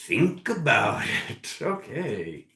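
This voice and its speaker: A man giving a casual, animated tarot reading, teasing and talking to himself as he turns the cards. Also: medium pitch, echoey room. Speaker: tarot reader.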